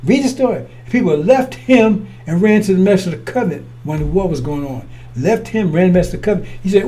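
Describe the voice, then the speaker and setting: A man's voice: sits high, expressive, fast talker, hardly any pauses, mellow. A man preaching in a blunt, scornful way, often repeating and restarting his words. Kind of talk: fiery preaching.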